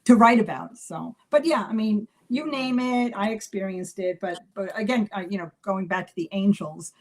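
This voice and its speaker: A psychic medium chatting on a live video, telling animated stories with lots of restarts and fillers. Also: female voice, medium pitch, normal speed. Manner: animated storyteller acting out dialogue. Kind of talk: casual live video chat.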